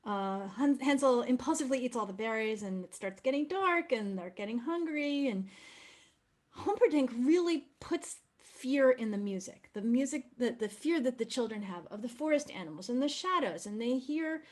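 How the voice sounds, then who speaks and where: A woman's voice: fairly high pitch, animated, normal speed. A woman presenting opera program notes in an effusive, enthusiastic manner.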